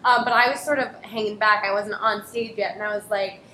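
A woman who performs improv, telling stories in a casual interview, animated and swearing freely. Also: a little fast. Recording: echoey room with faint rumble.

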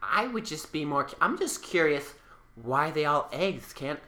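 A man's voice: a little high, sing-song, a little slow, sharp tone. A man co-hosting a comedic podcast, talking earnestly and indignantly with frequent stammering restarts.

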